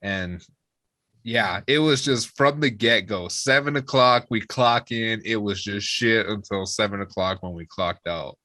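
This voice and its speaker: Unhurried and lowish in pitch, with no echo, a young guest musician relays a wild drinking story in a casual, animated way, swearing freely and putting on voices for everyone he quotes.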